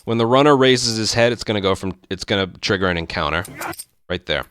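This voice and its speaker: Brief: relaxed male gaming host, lowish bright voice, talks viewers through a run step by step. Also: a little fast, clear, resonant tone, dry recording. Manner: relaxed, explaining step by step with fillers. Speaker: speedrun tutorial host. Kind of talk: casual game commentary.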